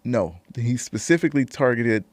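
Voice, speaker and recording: A man's voice: mid-range voice, expressive, moderate pace, no echo. A man co-hosting a talk show, telling a story hesitantly with many ums. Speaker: co-host. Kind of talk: casual chat.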